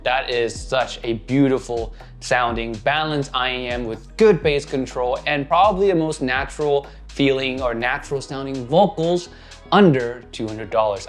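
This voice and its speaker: A man with a raspy voice, hoarse from being sick, casually and enthusiastically reviewing audio gear for his channel. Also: medium pitch, unhurried, faint music behind. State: hoarse from illness. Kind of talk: product review talking to camera.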